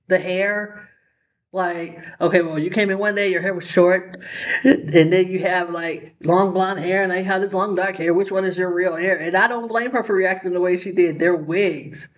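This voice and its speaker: A woman hosting her own casual commentary vlog. She talks straight to the viewer, fires off rhetorical questions and scatters "like" and "you know" through her speech. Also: fairly low pitch. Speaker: vlog host.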